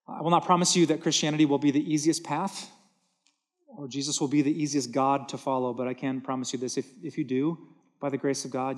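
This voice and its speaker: A man preaching a sermon from a church stage, earnest and emphatic, repeating words for stress. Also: medium pitch. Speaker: pastor.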